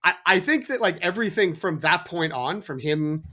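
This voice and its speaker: Man, fairly high voice, film podcast panelist, hesitant, stammering, lots of fillers. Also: expressive, moderate pace, sharp tone. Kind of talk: casual film discussion.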